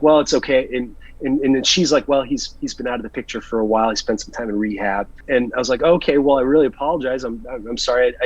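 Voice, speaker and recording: Husky-voiced man telling a lively story. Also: mid-range voice, dry recording, dull audio. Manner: animated anecdote with many restarts and voiced quotes. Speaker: actor and interview guest. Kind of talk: casual storytelling in an interview.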